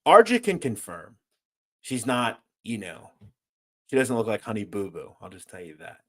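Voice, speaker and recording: Animated, joking male livestream host. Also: on the low side, normal speed. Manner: loose, joking, swings from loud to mumbled asides. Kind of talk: casual livestream chat reading comments.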